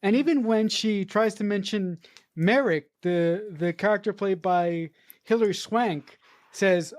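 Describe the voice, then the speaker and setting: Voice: medium pitch, unhurried, darkish tone. Podcaster who repeats words mid-thought. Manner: repeats words while searching for phrasing. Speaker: podcast co-host. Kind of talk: casual movie review chat.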